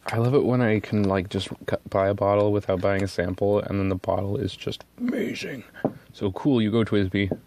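A man hosting an ink swatching video, talking casually and excitably at his desk, swearing freely and switching between loud outbursts and muttered asides. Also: fairly low pitch, fairly quick, a little hiss or hum. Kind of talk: casual narration while swatching inks. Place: at a desk indoors.

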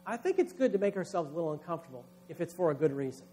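A man's voice: on the high side, sing-song, racing, dark tone, slight background noise. A man, a pastor, preaching a sermon with emphatic delivery, acting out quoted voices.

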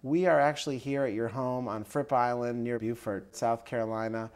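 A man's voice: mid-range voice, fairly even intonation, moderate pace, darkish tone, clean tone. A man interviewing an author, asking polite, admiring questions.

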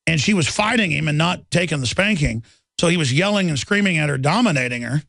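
A man's voice: fairly high pitch, lively intonation, quick pace, vocal fry, fairly bright tone, no echo. A middle-aged man hosting a radio talk show, delivering an indignant, rambling monologue full of repeated words and restarts.

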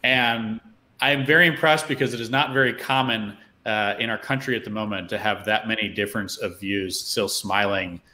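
A man's voice: fairly low pitch, fairly even intonation, normal speed, bright, forceful tone. A man speaking as a guest in a casual interview, thinking aloud with lots of filler words as he tells stories. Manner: thoughtful, storytelling, many "uh" fillers. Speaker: podcast guest, fund founder.

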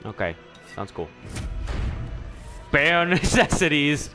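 A young man giving let's-play commentary, excitable and joking, often yelling and reacting loudly. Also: fairly high pitch, unhurried, long pauses, soft background music. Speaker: gaming YouTuber.

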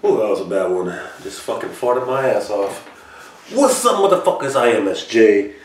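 A man's voice: fairly low pitch, very animated, moderate pace, slight background noise. A man hosting a reaction channel, talking casually with a lot of swearing and rambling asides, alone in a room. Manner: profane, rambling, upbeat. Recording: roomy echo, mic at a distance.

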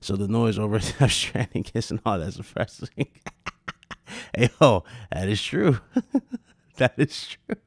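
A man's voice: lowish voice, lively intonation, takes it slowly, vocal fry, pauses often, breathy edge, no room sound, clean studio sound. A man hosting a casual gaming podcast, brash and profane, laughing often. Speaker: gaming channel host.

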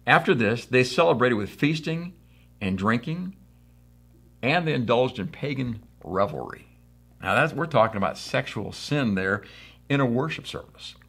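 A middle-aged man from the US, a pastor, preaches a conversational sermon through stories and acted quotes. His mid-range voice is animated and husky, fairly bright, with vocal fry, and moves at a moderate pace.

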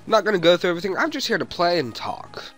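Rambling, playful young gaming host. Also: male voice, sits high, big pitch swings, quick pace, a bit bright. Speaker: let's play host. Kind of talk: let's play commentary.

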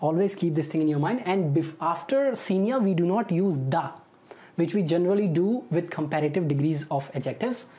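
A woman's voice: lowish voice, lively intonation, brisk, mellow. A woman with an Indian English accent teaching an online grammar lesson, explaining patiently and checking in with "okay" and "right".

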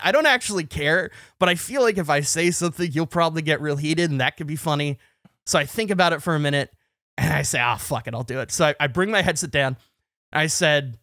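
A man with a high, light voice tells a story on a podcast, getting animated as he acts out both sides of an argument. The sound is dry and close. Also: fairly quick, no echo. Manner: animated, acts out shouting matches. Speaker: podcast co-host. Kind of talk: casual storytelling.

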